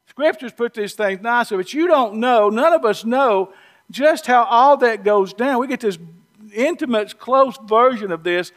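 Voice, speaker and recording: A man with a Southern US accent preaching a sermon in a folksy, conversational storytelling way with humorous asides. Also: high-pitched. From Southern US, North Georgia or North Alabama.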